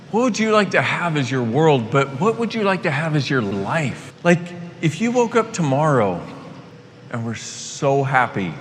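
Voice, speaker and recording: Animated man speaking in a reverberant hall. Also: mid-range voice. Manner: animated, playful, swears casually. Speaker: workshop facilitator. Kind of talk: live motivational talk to an audience. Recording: long hall reverb, faint noise.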